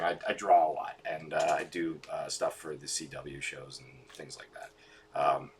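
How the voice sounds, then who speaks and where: A man's voice: extremely low pitch, steady tone, normal speed, slight background noise. A man talking casually and enthusiastically about his collection, rambling with many fillers. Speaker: collector vlogger. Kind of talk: casual chat.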